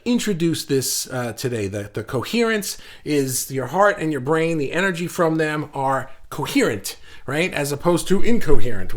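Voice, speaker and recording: Rambling man hosting a live stream. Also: fairly high pitch. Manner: loose and rambling, with many restarts and fillers. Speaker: host of a live online group session. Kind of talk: casual livestream talk, reading comments aloud.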